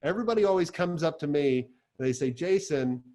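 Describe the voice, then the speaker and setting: A man with a fairly high voice speaks to a live audience as an agency coach. He talks in a lively, chatty way, telling stories and filling his speech with fillers. He sounds like a high-energy presenter. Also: fast talker. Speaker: agency coach giving a talk.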